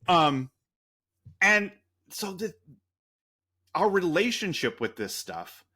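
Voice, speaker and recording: A man's voice: sits high, very animated, takes it slowly, pushed and bright, husky. A man co-hosting a podcast, rambling through a story in a loose, profane, casual way. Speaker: podcast co-host.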